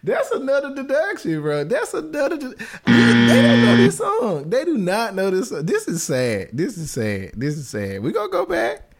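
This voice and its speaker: A young man hosting a casual reaction video, talking in an animated, dramatic way and laughing often. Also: sits high, moderate pace, creaky. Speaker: band reaction host. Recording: music playing loudly behind. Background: marching band music.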